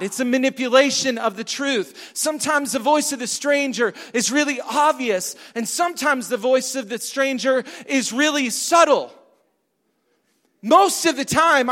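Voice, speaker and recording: A pastor preaching a sermon, emphatic and repetitive, asking the congregation questions. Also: male voice, very high-pitched, a bit bright. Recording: long hall reverb.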